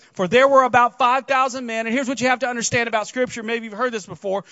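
High-voiced man preaching. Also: fast talker, hardly any pauses, no room sound, dull audio. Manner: animated storytelling with repeated restarts. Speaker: pastor. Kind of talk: casual sermon.

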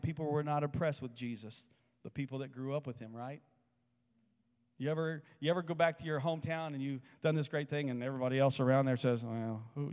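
A man's voice: mid-range voice, a little mellow, clean tone. A male pastor preaching a sermon in an emphatic way, asking the congregation to repeat lines after him. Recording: echoey hall with long reverb.

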